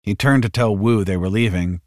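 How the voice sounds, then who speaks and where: A man reading an audiobook with dramatic narration, shouting the characters' lines at full force. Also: fairly low pitch, moderate pace, no echo, studio quality.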